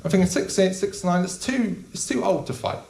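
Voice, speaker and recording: A young man doing a stand-up comedy set in a small club, deadpan and casual with frequent ums. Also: high-pitched, a little fast, vocal fry. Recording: echoey room.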